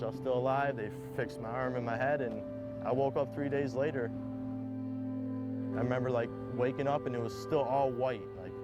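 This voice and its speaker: A young man tells his story in a loose, rambling way, packing it with "like" and acting out what others said. Loud music plays under his voice in this clip. His pitch sits in the middle for a man. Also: dull audio. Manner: rambling, full of "like" and acted quotes. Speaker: interviewee telling his story. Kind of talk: candid storytelling.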